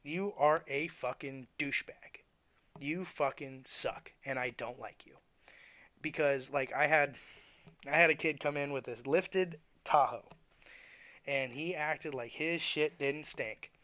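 A man's voice: fairly high pitch, slow pace, sharp tone, dry recording. A man who works at a tire shop, ranting bluntly and cursing about rude customers. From Florida. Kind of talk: profane venting rant.

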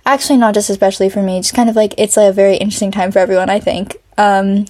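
A woman's voice: mid-range voice, fairly even intonation, fast talker, darkish tone. A teenage girl hosting her own podcast, rambling casually with lots of fillers and restarts from her bedroom. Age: teens. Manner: rambling, filler-heavy, self-interrupting. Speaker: podcast host. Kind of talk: casual solo podcast chat.

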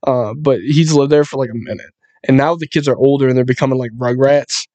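A young man hosting a podcast, telling animated stories in casual chat, swearing often and acting out other people's voices. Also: a little fast, dry recording. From Buffalo area, US. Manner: animated storyteller, swears often, acts out quoted voices in a high pitch. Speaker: podcast host.

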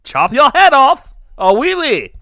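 A man voicing a pompous Roman prison prefect with a put-on French accent, mocking it loudly. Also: very high voice, wildly swooping pitch, a little slow, gravelly, no echo, clean studio sound, pitched above the performer's own voice, full character voice. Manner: loud, mocking, over-the-top.

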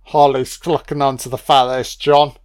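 A drunk man rambling and swearing excitedly through a film commentary. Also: medium pitch, moderate pace, no echo, studio quality. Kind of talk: audio commentary over a film.

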